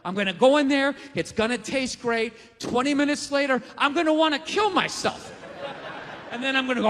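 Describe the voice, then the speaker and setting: A man in his forties doing a stand-up comedy routine on a live stage, ranting, swearing and often shouting. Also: very high voice, expressive, a little fast. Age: 40s. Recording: live show with reverb and crowd noise.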